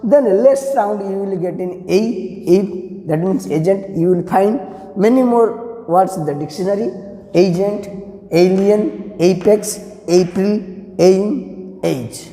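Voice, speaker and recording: A man's voice: high-pitched, slow, dark tone. A man with an Indian English accent teaching English pronunciation, repeating each word several times and asking his students questions. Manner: drills words by repeating them several times; addresses students directly with questions. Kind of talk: classroom-style lesson. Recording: echoey room with long reverb.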